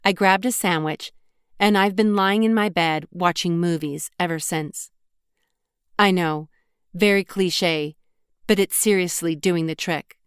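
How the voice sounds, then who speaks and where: A woman narrating a young adult audiobook in the first person, in an even, conversational storytelling manner. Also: lowish voice, a little slow, clear, resonant tone, no room sound, studio quality.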